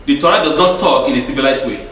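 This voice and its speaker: A man's voice: medium pitch, fast talker, fairly bright tone. A man preaching a sermon with emphatic rhetorical questions and frequent restarts. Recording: very echoey hall, mic far off.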